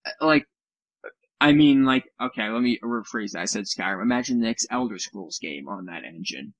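Guy with a lowish voice riffing sarcastically about video games, dry close mic. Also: expressive, normal speed, fairly bright tone, no room sound, lo-fi sound. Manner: rambling, self-correcting, sarcastic. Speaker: podcast co-host. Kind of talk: casual gaming chat.

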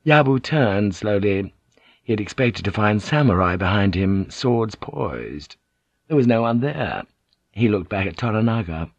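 A man narrating a novel as an audiobook, measured and steady, with lines of dialogue woven in. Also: fairly low pitch, no echo, lo-fi sound.

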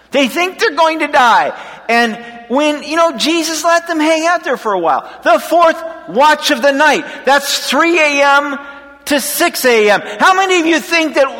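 A man preaching a lively sermon as pastor, laughing and acting out frightened voices. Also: very high-pitched, in a large hall. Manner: animated, laughing, acts out scared voices.

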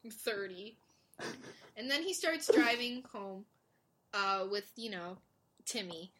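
A young woman recapping a story in casual chat, animated and laughing, acting out characters in quick voices. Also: medium pitch, slight background noise.

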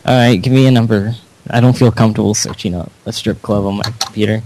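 A man co-hosting a prank call show in casual chat, delivering dry, deadpan wisecracks. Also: lowish voice, quick pace, no echo, rough recording. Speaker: co-host and prank caller.

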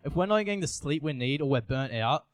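A young man preaching to youth speaks fast and expressively in a fairly high voice, with no echo. His personal sermon is earnest and confessional, with frequent restarts.

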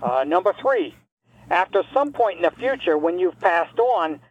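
Guy doing a grumpy old jersey retiree calling in, high-pitched sarcastic rant. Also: animated, moderate pace, phone-quality sound. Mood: grumbling. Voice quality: complaining, sarcastic, insulting. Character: grumpy retired older man from New Jersey, cranky caller. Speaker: caller. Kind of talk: comedic call-in rant.

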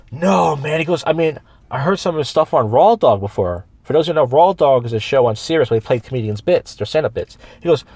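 Here a man's slightly high, slightly mellow voice with a breathy edge spins long stories in casual chat, restarting often and quoting other voices. He's a podcast host and open mic comedian, heard through a studio microphone.

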